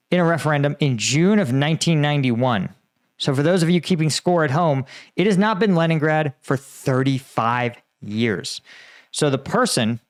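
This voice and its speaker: Host, young adult man, fairly high voice, sarcastic and animated commentary. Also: no room sound, studio quality. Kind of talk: casual political commentary reading posts.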